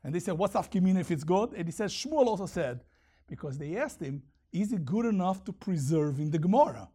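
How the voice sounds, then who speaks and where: Animated man teaching Talmud. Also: sits high, fairly quick, breathy edge. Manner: animated, mixes Aramaic readings with English explanation. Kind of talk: Talmud lesson explanation.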